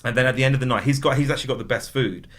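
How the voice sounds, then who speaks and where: A man's voice: mid-range voice, very fast, fairly bright tone. A man in casual podcast chat as a guest, telling stories in a rambling way full of fillers. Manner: rambling storyteller, many fillers.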